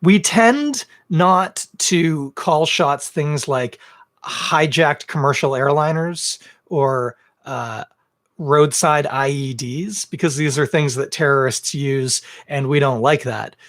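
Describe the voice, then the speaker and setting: A man's voice: on the high side, takes it slowly, a bit bright. A man hosting his own podcast, talking in a casual rant full of ums and uhs, earnest and then blunt. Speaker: podcast host. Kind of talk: casual ranting monologue. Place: home set filmed on two cameras.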